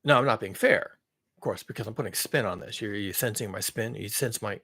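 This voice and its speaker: A man giving sarcastic spoken commentary, swinging from mock-alarmed outbursts to low muttered asides and correcting himself as he rambles. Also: a little fast, a bit bright, breathy edge. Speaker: climate commentary channel host.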